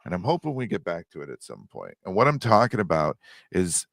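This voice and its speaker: Low gravelly man, reflective guest. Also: huge pitch swings, brisk, fairly bright tone, no echo, studio quality. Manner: reflective, salty, profane. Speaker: podcast guest. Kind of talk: casual interview.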